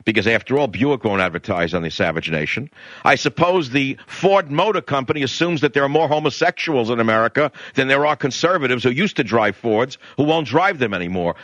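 A man's voice: medium pitch, a bit bright, no room sound. Blunt, ranting male talk radio host. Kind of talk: political talk radio monologue.

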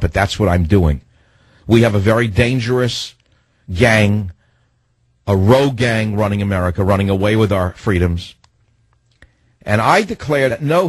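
Husky combative talk radio man. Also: on the low side, dry recording, poor audio. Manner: combative, indignant, heavy rhetorical questions. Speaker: radio talk show host. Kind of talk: political talk radio monologue.

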